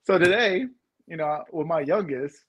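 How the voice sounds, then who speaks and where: Speaking at normal speed with a fairly high pitch, this podcast co-host in his thirties laughs a lot as he tells animated stories in casual chat. The sound is lo-fi.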